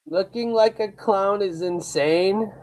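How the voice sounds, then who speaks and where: Slow-talking, blunt man streaming. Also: high-pitched, darkish tone. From Lakewood, Ohio, US. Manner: boastful, blunt, swearing, with slang like "bro" and "dude"; slow, drawn-out talk with frequent repeats and restarts. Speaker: live-stream host. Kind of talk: casual live reaction stream.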